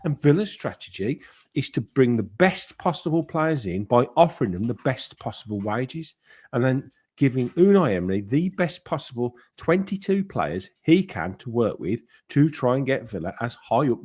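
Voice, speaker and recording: A man's voice: medium pitch, sing-song, moderate pace, darkish tone, slightly rough. A man hosting his own football fan channel, giving his opinions in a casual, rambling monologue. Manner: conversational, rambling with fillers and restarts.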